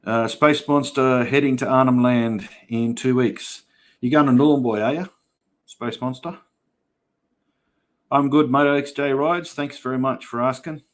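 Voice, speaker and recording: A man's voice: medium pitch, fairly even intonation, unhurried. A middle-aged Australian man hosting a livestream, chatting casually with viewers and telling stories in a yarning way. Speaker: livestream host. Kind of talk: casual livestream chat reading comments.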